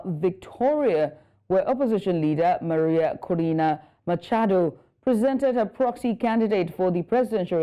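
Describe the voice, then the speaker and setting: A woman news anchor reading scripted world news, steady with small slips and fillers. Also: lowish voice.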